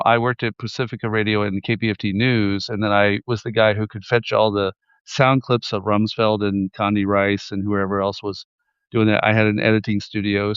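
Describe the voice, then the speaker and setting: A man from Texas hosting a remote interview from his apartment, easygoing and quick to chime in with short affirmations. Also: fairly low pitch, smooth, dry recording, muffled recording. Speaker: host. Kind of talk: casual interview chat. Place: high-rise apartment in Kyiv.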